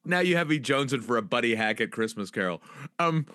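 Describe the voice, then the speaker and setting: A man interviewing a guest, asking questions in a relaxed, conversational way. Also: medium pitch, fast talker, no echo, studio quality.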